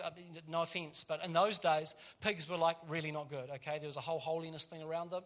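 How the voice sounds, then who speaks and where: A New man preaches a sermon with a high, bright and forceful voice. He tells the story with energy and turns to the congregation with quick joking asides.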